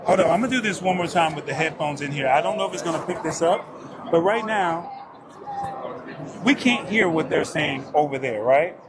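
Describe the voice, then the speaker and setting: A man's voice: on the high side, expressive, brisk, background noise. A man hosting a tech show, enthusiastically interviewing an exhibitor on a busy trade show floor. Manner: enthusiastic, hyped-up. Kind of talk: casual on-the-floor product interview. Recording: loud crowd chatter behind.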